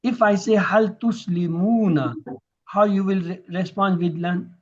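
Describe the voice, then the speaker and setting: Male grammar teacher, husky and a bit high, runs drills and quizzes his class; muffled lo-fi recording. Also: fairly even intonation, a little slow, darkish tone. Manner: drills verb forms, quizzing students. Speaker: Quranic Arabic teacher. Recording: dull lo-fi recording.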